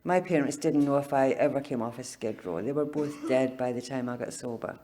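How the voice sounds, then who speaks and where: A woman's voice: very deep voice, fairly quick, mellow, slight background noise. Older woman telling her life story. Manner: humorous storytelling, laughing often. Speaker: recovery meeting speaker. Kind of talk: personal testimony talk.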